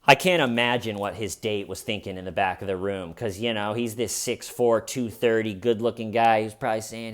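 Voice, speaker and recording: A man casually retelling a story on his comedy channel, animated and amused, often restarting his sentences. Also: on the low side, moderate pace, hardly any pauses.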